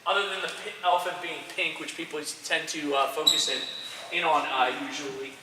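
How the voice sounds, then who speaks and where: A man coaching young soccer players, giving an energetic, direct motivational talk to a group and checking in with frequent "okay"s. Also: fairly high pitch, fairly quick. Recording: roomy echo, distant mic, faint noise.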